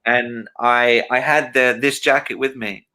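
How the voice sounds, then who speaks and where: A man's voice: medium pitch, a little slow. A man hosting a livestream, telling a story casually with many fillers and restarts. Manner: rambling, many fillers and restarts, animated when quoting. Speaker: livestream host.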